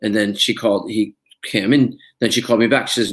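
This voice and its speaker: A male actor being interviewed, telling stories in a relaxed way, acting out quoted dialogue with plenty of fillers. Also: fairly low pitch, fairly quick. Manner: anecdotal, acts out quoted dialogue, many fillers. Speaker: actor guest. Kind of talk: casual interview storytelling.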